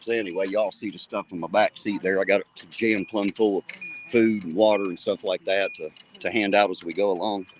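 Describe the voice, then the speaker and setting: A man's voice: low voice, fairly even intonation, fairly quick, slight background noise. An angry man, ranting with a stream of curses while hosting a livestream from a car on his phone. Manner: loud, cursing, indignant. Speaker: livestream host. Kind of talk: angry profane livestream rant.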